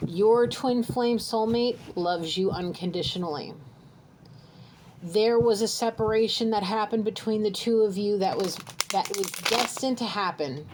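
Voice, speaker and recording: This psychic reader, a woman with a medium-pitched voice and a somewhat slow pace, addresses her viewer directly with a channeled spiritual message in tarot-reading style. She is earnest, often asks "okay?", and background noise is audible.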